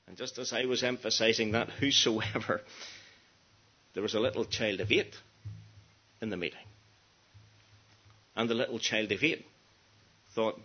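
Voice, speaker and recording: A man preaching a gospel sermon, earnest, dropping to hushed tones and then rising to emphatic peaks. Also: mid-range voice, normal speed, long pauses, slightly rough. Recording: dull lo-fi sermon recording.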